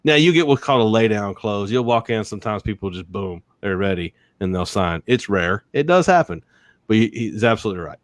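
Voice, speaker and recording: A man, a sales and negotiation expert talking in an animated podcast interview, acting out quoted voices and laughing often. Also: fairly low pitch, a little fast, no echo, clean studio sound.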